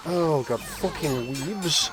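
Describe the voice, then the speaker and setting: Dude on a game stream, kinda high voice, cussing a lot and ribbing his buddy. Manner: sweary, teasing, rambling. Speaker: co-host of a gaming stream. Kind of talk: casual let's-play commentary.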